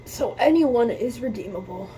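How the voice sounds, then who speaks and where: A woman's voice: on the high side, expressive, normal speed, dark tone, slight background noise, poor audio. A woman hosting a music reaction video, talking earnestly about faith and repeating her points for emphasis, close to tears. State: emotional, near tears. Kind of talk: heartfelt talk to camera about faith.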